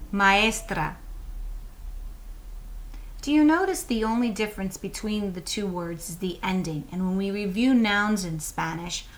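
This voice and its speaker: A woman teaching Spanish words to young students, saying each word slowly and asking the class to repeat it. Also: mid-range voice, a bit bright. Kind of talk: slow, clear classroom instruction to children.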